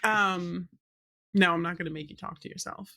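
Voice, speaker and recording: A woman's voice: on the low side, fairly even intonation, moderate pace, pushed and bright. A woman running a tabletop game with friends, laughing often and swearing freely. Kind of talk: tabletop game session, casual chat.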